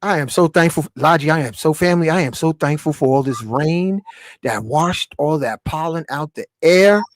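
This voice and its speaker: A man's voice: on the high side, normal speed, no room sound, studio quality. Slangy man hosting a video-call livestream. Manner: loose slangy banter, shout-outs to viewers. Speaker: livestream host. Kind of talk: casual livestream chat.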